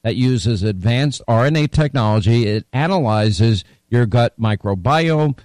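A man's voice: expressive, a little mellow, no room sound. A man hosting a radio show, reading an upbeat sponsor spot. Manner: brisk, upbeat sales pitch. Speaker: radio host. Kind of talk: read ad spot.

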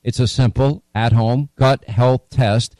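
Male radio host, mid pitch, brisk upbeat ad read, dry close sound. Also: steady tone, darkish tone, no echo. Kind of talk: read ad spot.

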